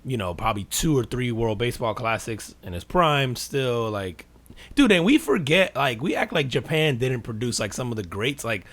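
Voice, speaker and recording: A man's voice: mid-range voice, moderate pace, no echo. A man co-hosting a podcast, chatting casually and energetically about baseball, full of dudes and curse words. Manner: animated, rambling, swears and says dude. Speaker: podcast co-host. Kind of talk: casual sports chat.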